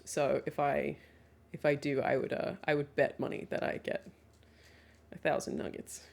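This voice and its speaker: Speaking into a desk mic from her home streaming setup, a young woman with a deep, low voice and some vocal fry works through chat questions one by one at a moderate pace. She's candid and talkative, swears casually, and laughs easily between points.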